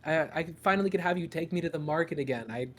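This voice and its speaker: A man voicing a warm, fussy mother in a tabletop game. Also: on the high side, quick pace, voice pushed up, natural voice. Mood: chatty.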